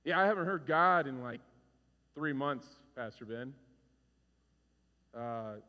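A man in his forties preaching a sermon as a pastor, animated and conversational, acting out stories with shouts. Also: medium pitch, slow, highs cut off. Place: church hall. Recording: reverberant hall.

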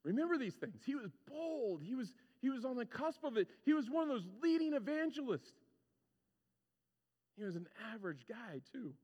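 Male pastor, high and very animated voice, casual preaching style, long hall reverb. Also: moderate pace, muffled recording. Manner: animated, conversational preaching with acted-out quotes. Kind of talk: sermon.

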